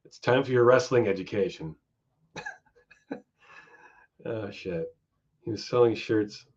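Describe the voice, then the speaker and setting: A man's voice: fairly low pitch, slow pace. A man hosting a live stream, chatting casually with viewers, going off on tangents and swearing freely. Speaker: stream host. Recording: dull lo-fi stream audio.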